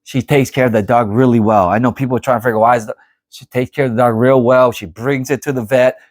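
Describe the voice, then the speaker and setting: A middle-aged man telling a story to camera in a casual, animated, rambling way, often repeating himself. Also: mid-range voice, quick pace, no echo, clean studio sound. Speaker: vlogger.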